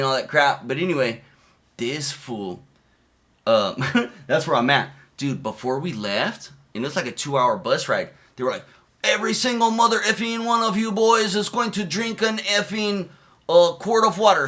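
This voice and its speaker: A man riffing over a video in a bright, forceful voice, swearing freely and wandering off into stories. He laughs his way through the telling, his talk loose and casual. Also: mid-range voice. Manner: profane, laughing, loose storytelling. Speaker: streamer commenting on a video. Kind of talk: casual, rambling commentary.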